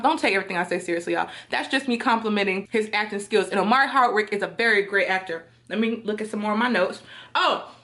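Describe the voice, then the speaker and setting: Woman vlogger, casual slangy film review, animated and laughing, voice on the higher side. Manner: animated, slangy, laughs often, talks straight to viewers. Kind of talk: casual chat to camera.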